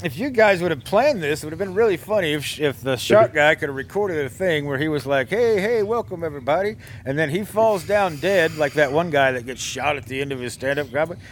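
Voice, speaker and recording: A man's voice: fairly high pitch, expressive, fast talker, hardly any pauses, slight background noise. A man in casual banter, joking around and playfully heckling another man's comedy bit. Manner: jokey, interrupting. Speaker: podcast co-host.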